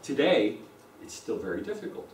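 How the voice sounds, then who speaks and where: Very animated, this man speaks at a moderate pace in a mid-range voice with a General American accent. Delivering a university lecture, he explains things and keeps circling back to drive points home. He's some distance from the mic, so his voice echoes through the room over faint background noise.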